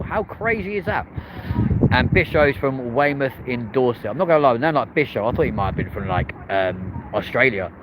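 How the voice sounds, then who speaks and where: A man hosting a live stream outdoors beside an airport runway, chatting cheerily and reading out viewers' comments in casual British slang. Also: on the high side. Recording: loud wind and traffic noise outdoors. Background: wind and passing vehicles.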